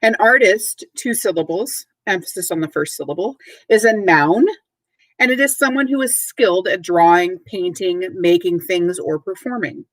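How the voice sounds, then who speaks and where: Lower-pitched teacher woman, dry close sound. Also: lively intonation, normal speed, no room sound, low-quality recording. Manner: clear teacherly delivery, spells words letter by letter. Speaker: third grade teacher. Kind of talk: recorded vocabulary lesson.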